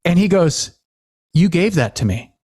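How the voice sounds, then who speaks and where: A man from Washington State hosts a casual podcast, his fairly high voice swinging up and down as he tells stories. He acts out the dialogue and fills gaps with lots of "like" and "uh". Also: measured pace, slightly rough. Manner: animated storyteller, acts out quoted dialogue, many fillers. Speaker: podcast host.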